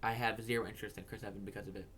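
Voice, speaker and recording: A man's voice: on the low side, flat delivery, very fast, fairly bright tone, slight background noise. A young man hosting a fantasy football video, telling a story in a rambling way, stammering and repeating words and swearing casually.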